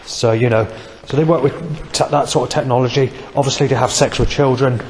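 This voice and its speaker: A man's voice: medium pitch, fairly even intonation, a little fast, big-room sound, slight background noise. A man rambling through a long, heavily profane monologue, full of fillers, restarts and trailing asides.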